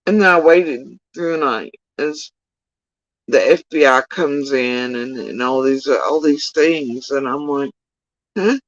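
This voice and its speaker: A man's voice: medium pitch, a little slow, no echo. Profane rambling man, dull lo-fi sound. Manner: profane, rambling, animated when quoting others. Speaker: livestream talker. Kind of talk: casual storytelling.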